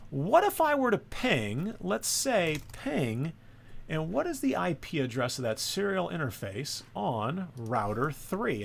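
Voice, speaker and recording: A man's voice: high-pitched, a bit bright. A man teaching a screen-recorded networking lesson, thinking aloud and often checking in with "right?". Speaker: course instructor.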